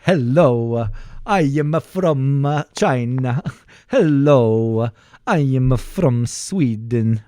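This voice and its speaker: A young man voicing a goofy male panda in a slow, sing-song mock Swedish accent with broken English. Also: medium pitch, animated, warm tone, dry recording, studio quality. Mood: silly.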